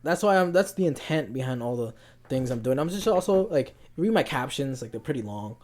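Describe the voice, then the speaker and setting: This is a young man co-hosting a casual podcast, chatting loosely and telling rambling stories. He often restarts his sentences, and his pitch sits in the middle for a man. His delivery is animated. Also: a little fast. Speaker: podcast co-host. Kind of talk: casual chat.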